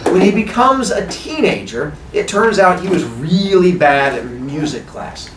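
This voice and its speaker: A man's voice: high voice, very animated, measured pace, a little hiss or hum. A man teaching a class, retelling a myth in a playful, jokey storytelling way. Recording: echoey classroom.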